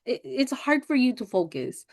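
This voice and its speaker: Woman, thirties, workshop presenter, personal stories, expressive, emotional at times, slightly high voice, video call. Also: normal speed, creaky. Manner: candid and expressive, acts out past remarks in animated voices; emotional when recalling hard times. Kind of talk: personal storytelling in a teacher workshop.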